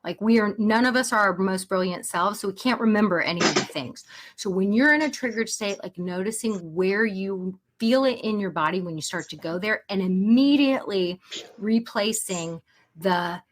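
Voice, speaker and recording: A woman coaching parents in a live webinar, chatty and animated, talking straight to her audience. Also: mid-range voice, moderate pace.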